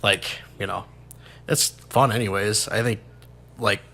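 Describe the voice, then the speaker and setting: A man's voice: on the low side, steady tone, measured pace, vocal fry, sharp tone. A man around thirty hosting a casual podcast, rambling, swearing freely and laughing often. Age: 30s. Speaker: podcast host. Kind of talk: casual chat.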